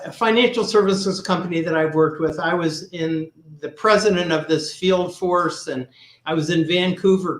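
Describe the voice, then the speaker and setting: Storytelling man advisor, roomy echo. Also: fairly high pitch. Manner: anecdotal, replays dialogue in his story. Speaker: business advisor. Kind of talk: storytelling in a podcast conversation.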